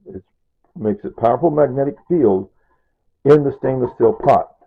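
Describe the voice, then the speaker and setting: Rambling older man with a husky voice. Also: mid-range voice, expressive, normal speed. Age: 60s. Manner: rambling and chatty, with asides and chuckles. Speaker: home cooking vlogger. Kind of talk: casual cooking demonstration. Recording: tinny, phone-like sound.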